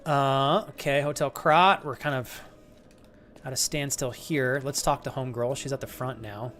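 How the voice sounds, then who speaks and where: A man's voice: mid-range voice, steady tone, moderate pace, fairly bright tone, a little hiss or hum. A man streaming a game live, chatting with his viewers, joking, and reading the game text aloud. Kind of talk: live gameplay commentary.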